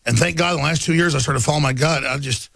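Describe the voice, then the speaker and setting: A man who is a guest on a political talk show, speaking in an emphatic, excitable way. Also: fast, gravelly, dry recording, clean studio sound. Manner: emphatic, excitable, drops low for asides.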